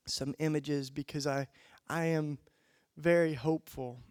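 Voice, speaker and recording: Male keynote preacher, slightly high and smooth voice, storyteller who swings from soft to forceful, dry close sound. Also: steady tone, unhurried, dry recording. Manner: storytelling, builds to loud emphatic peaks then drops low. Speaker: keynote speaker. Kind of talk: impassioned keynote sermon. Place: conference hall.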